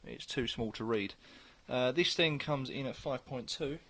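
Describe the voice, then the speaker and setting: A man's voice: mid-range voice, unhurried, fairly bright tone. A man talking casually through a beer review, rambling a little and full of ums. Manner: chatty and rambling, with many ums.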